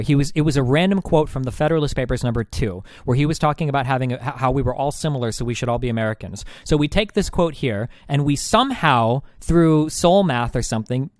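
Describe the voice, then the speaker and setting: A man's voice: a little high, dry recording, clean studio sound. A male streamer recapping a debate in casual, rambling talk, sarcastic and full of restarts.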